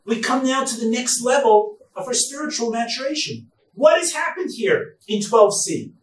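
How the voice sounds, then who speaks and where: A rabbi giving a Bible lecture at a conference, emphatic, with loud stresses and quiet asides. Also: male voice, very high-pitched, lively intonation, moderate pace. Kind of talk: Torah lecture. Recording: echoey hall, distant mic, faint noise.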